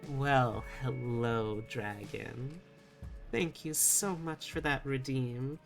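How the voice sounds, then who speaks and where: Woman, streamer, slow unhurried delivery, sultry teasing tone, faint music behind. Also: very deep voice, vocal fry. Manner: teasing, sultry playful voice for viewer redeems. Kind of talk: casual live-stream chat with chat readings.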